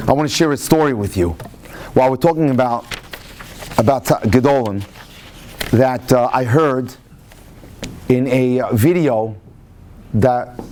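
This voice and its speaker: A man's voice: mid-range voice, slight background noise. A man giving a Torah lecture, telling stories and weaving Hebrew phrases into his English. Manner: animated storyteller mixing Hebrew phrases into English. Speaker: rabbi lecturer.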